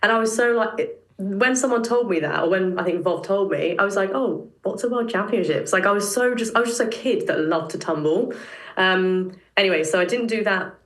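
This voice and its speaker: A woman's voice: medium pitch, a little fast, fairly bright tone. Chatty young British woman, roomy sound. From Britain. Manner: chatty, many fillers and restarts. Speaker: podcast guest, tumbler. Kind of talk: casual interview chat.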